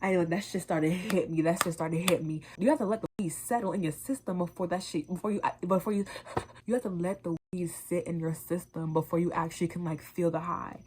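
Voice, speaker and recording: A young woman vlogger telling a casual, animated storytime, full of swearing and acted-out quotes. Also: lowish voice, brisk, a little hiss or hum. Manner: animated, profane, quoting herself in voices.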